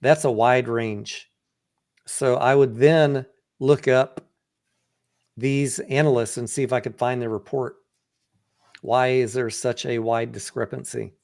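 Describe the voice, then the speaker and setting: A man's voice: medium pitch, steady tone, slow pace, gravelly, pauses often, darkish tone. A man hosting a casual livestream and walking through a company's financials in a blunt, profane, conversational way. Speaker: livestream host and stock trader.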